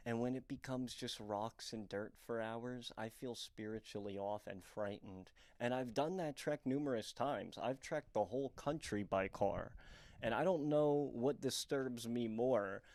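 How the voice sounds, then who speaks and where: A man's voice: medium pitch, a little slow, a little mellow, dry recording. Rambling, self-deprecating comic storyteller man. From Northeastern United States. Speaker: comedian and storyteller. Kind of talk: candid storytelling monologue.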